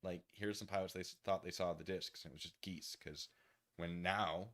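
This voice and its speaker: A man's voice: low voice, fairly even intonation, moderate pace, a bit bright. A man streaming, telling a story casually and acting out quoted people in silly voices.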